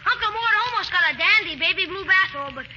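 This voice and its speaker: A man's voice: very high voice, animated, fast talker, sharp tone, exaggerated voice. A performer playing a cheeky, eager young boy nephew in 1940s radio comedy style. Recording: scratchy dull 1940s radio broadcast with faint hiss.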